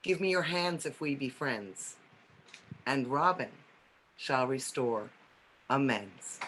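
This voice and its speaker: A woman reading the part of Puck, a mischievous fairy, in a Shakespeare reading over a video call, with slow, measured verse. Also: very deep voice, animated, fairly bright tone, slight background noise, full character voice. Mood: playful.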